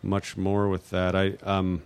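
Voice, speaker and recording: A man's voice: sits low, monotone, takes it slowly, clear, resonant tone, dry recording. A man from New Mexico answering audience questions in a rambling, unscripted way, hesitating and restarting often. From New Mexico, USA. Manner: hesitant, full of fillers and restarts. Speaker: guest at audience Q&A.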